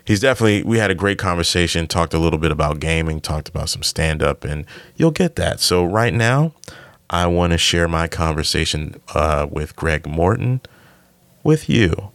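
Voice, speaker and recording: A man with a very deep, low voice hosts a casual podcast in a dry, close-sounding recording. He rambles, restarts and fills pauses as he chats like a stand-up comic catching up with listeners. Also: lively intonation, a bit bright, no room sound. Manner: rambling, self-correcting, filler-heavy.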